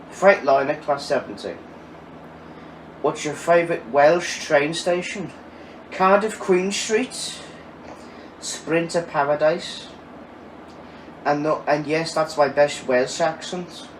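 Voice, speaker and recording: A man in his twenties answering viewer questions in a casual, chatty way. He laughs often and swears now and then. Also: mid-range voice. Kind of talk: casual Q&A chat. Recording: echoey, distant mic with faint ambient noise.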